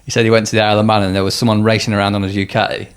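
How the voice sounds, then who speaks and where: A man hosting a casual podcast chat, easygoing and quick to agree with his guest. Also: fairly low pitch, level tone, clear, resonant tone. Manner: easygoing, frequent agreeing interjections. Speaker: podcast host.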